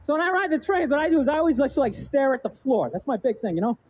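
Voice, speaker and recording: Fast rambling man doing stand-up stories. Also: very high voice, big pitch swings, a little mellow, muffled recording. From American suburbs. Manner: rambling, fast, full of "you know what I mean". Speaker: stand-up comedian. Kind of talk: stand-up storytelling. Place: comedy stage with a live audience.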